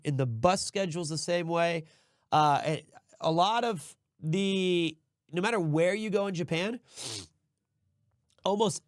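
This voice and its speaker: A man's voice: on the high side, dry recording, clean studio sound. A man hosting a stream, chatting casually and rambling while building a model set, often restarting his sentences. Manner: rambling, self-correcting, easygoing. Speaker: streamer host.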